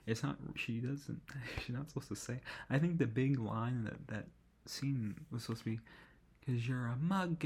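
A man's voice: mid-range voice, vocal fry, a little mellow, a little hiss or hum. A man hosting a podcast, talking through a film review in an enthusiastic, rambling way and often correcting himself. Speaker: podcast host. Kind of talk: casual film review chat.

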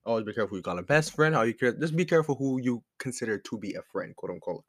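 Young man, podcast host, candid rambling storytelling, mid-pitched voice, dry close sound. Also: expressive, rapid-fire, dry recording. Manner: candid, rambling, self-correcting, slangy. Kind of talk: casual storytelling monologue. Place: room with a squeaky chair.

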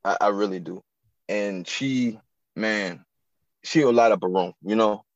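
A man who manages a restaurant, guest on a podcast, talking earnestly in a halting way and often repeating words. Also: lowish voice, no room sound, lo-fi sound. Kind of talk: casual interview chat.

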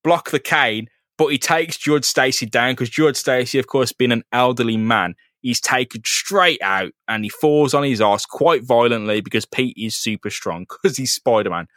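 A man co-hosting a podcast, retelling a comic book story in an animated, casual way with frequent swearing. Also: medium pitch, moderate pace, hardly any pauses, dry recording, studio quality. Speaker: podcast co-host.

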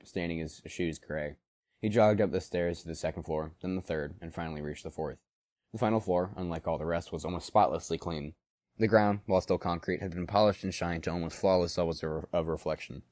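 A man with a deep, low voice reads a story aloud. He shifts into the characters' lines as they come up. The sound is dry and close to the mic. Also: steady tone, fairly quick, dry recording. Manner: acts out characters in dialogue, shouting and growling. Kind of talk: reading a fan story aloud, voicing characters.

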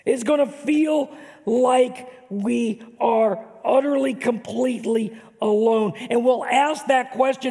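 A man's voice: extremely high pitch, slow pace, gravelly, darkish tone. An older man, a pastor, preaching a sermon earnestly and repeating words for emphasis. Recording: long hall reverb.

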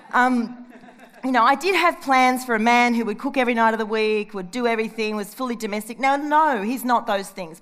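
Mum-aged woman preaching, chatty and lively, voice sits a bit high. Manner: lively and conversational, with personal stories and asides. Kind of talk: sermon.

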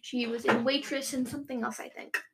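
A woman's voice: high voice, little pitch movement, brisk, creaky, heavy background noise. A young woman hosting a casual solo podcast, bubbly and giggly, full of rambling asides. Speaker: podcast host.

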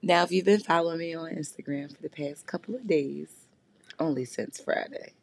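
A woman with a lowish voice talks straight to the mic in a loose, confessional monologue. She rambles from topic to topic and swears freely, and the sound is dry and close. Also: normal speed, creaky, no echo. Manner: blunt and heavily profane. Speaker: podcast host.

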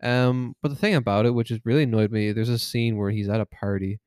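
A man's voice: fairly low pitch, steady tone, fast, darkish tone, clear, resonant tone, dry recording, studio quality. A young man co-hosting a podcast, rambling in crude casual chat, swearing and laughing often. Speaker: podcast co-host.

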